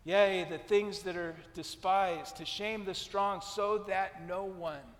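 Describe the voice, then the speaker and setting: High-voiced preacher in a reverberant hall. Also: male voice, steady tone, takes it slowly. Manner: emphatic preaching, repeats key lines, retells scripture scenes. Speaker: pastor. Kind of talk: sermon. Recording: long reverb from a large hall.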